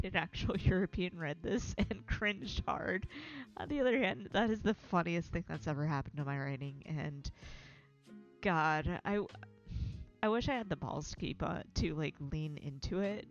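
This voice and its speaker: A woman's voice: lowish voice, dull audio. An American woman hosting a livestream, chatting casually in a rambling, self-deprecating way, swearing freely and laughing often. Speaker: livestream host.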